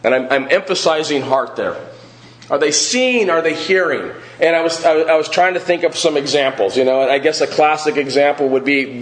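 A middle-aged man leading a church Bible class, earnest and often checking in with the group with "all right?". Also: medium pitch. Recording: echoey room.

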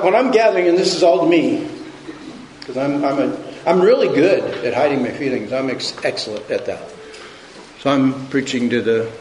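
A man preaching a sermon in a conversational, halting way, often restarting and repeating his words. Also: a little high, a little mellow, roomy sound, slight background noise, low-quality recording. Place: church sanctuary.

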